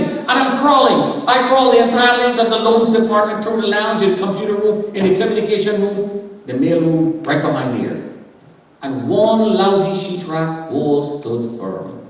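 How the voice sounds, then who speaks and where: A man delivers an impassioned testimony from the pulpit, his high voice rising to near shouts and dropping to hushed tones. The sound comes from far off, with long reverb from a large church hall. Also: normal speed. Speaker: guest speaker. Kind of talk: testimony sermon.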